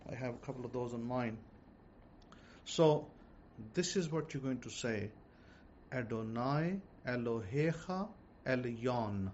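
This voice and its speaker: A man giving informal religious teaching, repeating himself and speaking slowly and deliberately. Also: medium pitch, a little mellow. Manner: repetitive, slow and deliberate when dictating words. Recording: dull lo-fi audio with faint noise.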